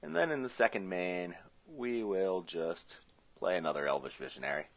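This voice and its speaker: Deep-voiced man narrating a card game. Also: expressive, moderate pace. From US Rust Belt. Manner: chatty and joking, thinking aloud about his plays. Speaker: Magic player commentating his own match. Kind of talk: casual play-by-play commentary. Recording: muffled lo-fi recording.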